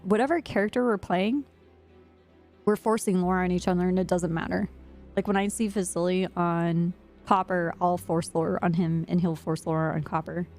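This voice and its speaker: A woman's voice: fairly low pitch, a little mellow. A woman streamer chatting casually while gaming, telling a rambling story and laughing often. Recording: faint music behind.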